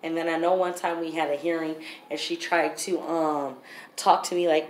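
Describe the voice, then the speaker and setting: Blunt, heated and profane, a woman tells her story in a storytime vlog. Her voice sits low with fairly even intonation at a moderate pace, and the room echoes, with faint background noise.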